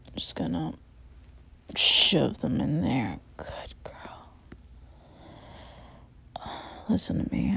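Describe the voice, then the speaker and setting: A woman's voice: medium pitch, vocal fry, mellow, husky. A woman performing a whispered role-play, speaking close and intimately and often dropping into a whisper.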